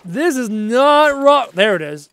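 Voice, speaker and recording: A man's voice: very high voice, very animated, measured pace, fairly bright tone, smooth, no echo. A young man from Canada chatting casually while streaming a game live, reading his chat aloud and answering it.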